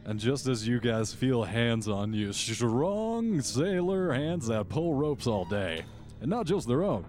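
A man's voice: medium pitch, lively intonation, slow, darkish tone, soft background music. A man narrating a tabletop game as game master, in a casual, descriptive way.

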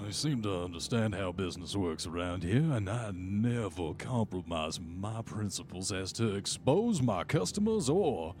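A man voicing a gruff, suspicious male ship captain who drawls and tacks "eh?" onto his lines. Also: low-pitched, a little mellow.

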